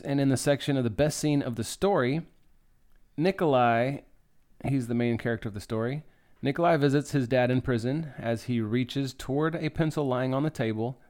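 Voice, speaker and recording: A young adult man talks through a film one scene at a time, chatty and openly excited, with some swearing. His voice is smooth and resonant. His pitch sits in the middle for a man. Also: moderate pace. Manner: chatty and enthusiastic, swears freely. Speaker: podcast host. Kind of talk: casual scene-by-scene film recap.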